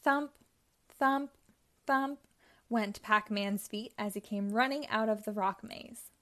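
A woman reading a children's storybook aloud in a slow, expressive way, lightly voicing the characters. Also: medium pitch. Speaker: storybook reader.

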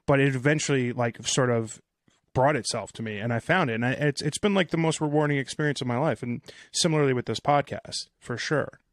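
A man in his thirties hosts a podcast in a candid, talkative way, dropping swear words without a second thought. His voice is mid-pitched, and the sound is dry and close with no room around it. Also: no echo. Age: 30s. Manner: candid, fast-talking, swears freely. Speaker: podcast host. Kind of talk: casual podcast chat.

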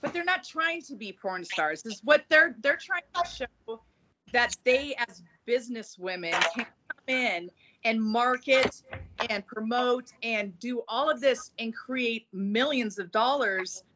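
A woman's voice: a little high, expressive, a little slow, background noise. A woman talking as a guest on a casual podcast, earnest and often restarting her sentences as she thinks. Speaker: guest, executive producer. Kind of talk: casual conversation. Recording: dull lo-fi recording.

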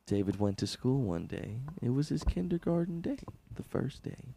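A man's voice: mid-range voice, sing-song, moderate pace, creaky, warm tone, husky. A young man co-hosting a comedy podcast, rambling through crude stories and laughing often. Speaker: podcast co-host. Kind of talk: casual chat. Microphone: studio microphone.

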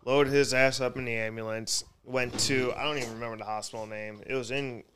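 Young male guest, mid-pitch, blunt offhand storyteller, noisy background. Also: fairly even intonation, brisk, a bit bright. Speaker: podcast guest. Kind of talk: casual storytelling. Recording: audible background noise.

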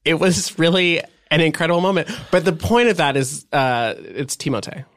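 A man's voice: on the high side, fairly quick, a bit bright, dry recording, clean studio sound. A young man on a podcast as a guest, telling stories in a rambling, chatty way full of fillers. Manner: rambling, filler-heavy storytelling with many "like"s. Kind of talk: casual chat.

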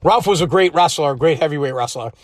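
High-voiced profane ranting podcast man. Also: fast talker, no echo, clean studio sound. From Massachusetts. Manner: profane, rambling, combative. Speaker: podcast host. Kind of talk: casual political rant.

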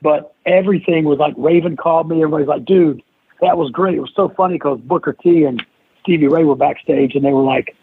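A guest on an interview podcast, this man has a fairly high, breathy voice and a quick pace. He tells a long story in a lively way, performing the quoted lines of the people involved, heard over a dry, tinny phone-like line.

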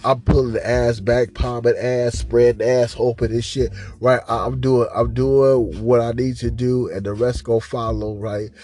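A man hosting a podcast, telling a crude comic story in a loud, profane, repetitive way. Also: medium pitch, flat delivery, moderate pace, few pauses, soft background music. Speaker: podcast host.

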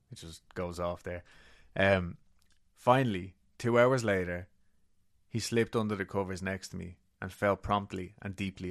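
A man co-hosting a podcast, casually retelling a story and reading quotes from a book, with swearing and laughing asides. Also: on the low side. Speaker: podcast co-host.

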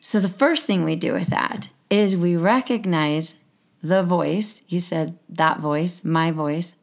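A woman coach calmly guiding the talk and explaining steps one at a time. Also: fairly low pitch, slow pace. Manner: calm, guiding, explaining step by step. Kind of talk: coaching conversation.

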